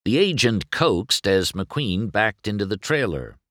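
Man reading a children's story aloud, slow and expressive, deep voice. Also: no echo, studio quality. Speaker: storybook narrator.

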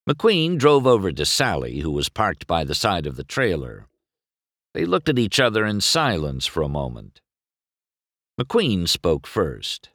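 Low, slow, expressive male storyteller. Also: no room sound, clean studio sound. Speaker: storybook narrator. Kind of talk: reading a children's storybook aloud.

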